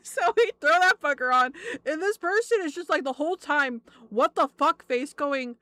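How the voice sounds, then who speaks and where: A woman's voice: high voice, normal speed, pushed and bright, no room sound. A young adult woman streamer chatting casually, rambling through stories and laughing often, with frequent swearing.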